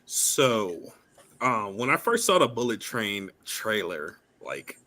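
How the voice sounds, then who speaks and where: Young man, bright voice, laid-back enthusiastic co-host, casual movie chat. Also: lowish voice, very animated, slow.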